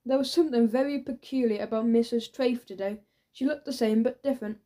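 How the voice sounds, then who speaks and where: A woman narrating a children's audiobook with lively storytelling. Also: fairly high pitch, brisk. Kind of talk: scripted narration.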